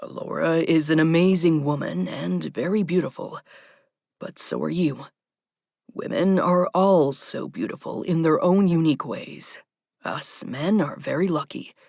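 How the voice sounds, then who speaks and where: A woman voicing a tired, guarded adult male soldier in an audiobook, speaking slowly and quietly. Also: creaky, no room sound, clean studio sound, exaggerated voice. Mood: gentle. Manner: slow, hushed, low-key delivery. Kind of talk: audiobook character voice.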